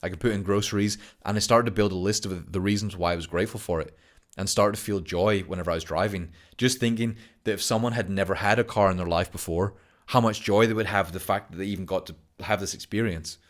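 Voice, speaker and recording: A man's voice: low-pitched, steady tone, quick pace. A man giving an earnest motivational lesson on gratitude, sometimes acting out little conversations to make a point. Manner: earnest, acts out little dialogues in others' voices. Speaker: self-help course teacher. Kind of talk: motivational talk to camera.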